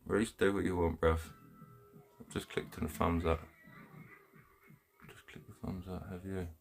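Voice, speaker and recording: A man's voice: low voice, level tone, measured pace, gravelly, soft background music. A man with an English accent hosting a casual live stream, chatting bluntly in heavy slang, laughing often and reading out viewers' comments from his home. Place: home, indoors.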